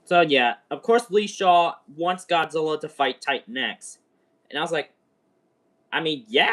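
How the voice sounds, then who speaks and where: A young man casually reviewing a show on a livestream, excitable and rambling like an eager fan. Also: a little high, unhurried.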